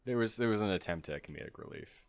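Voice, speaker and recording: Young man, low pitch, smooth, dry close sound, casual rambling gaming chat. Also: animated, quick pace, no room sound. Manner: rambling, recaps plots with silly voices. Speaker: let's play co-host.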